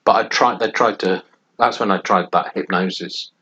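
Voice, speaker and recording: A man's voice: deep voice, normal speed, bright, forceful tone. A man in his fifties, a podcast co-host who teases and jokes while asking questions in casual chat. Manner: teasing, jokey questioner. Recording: dull lo-fi sound, faint noise.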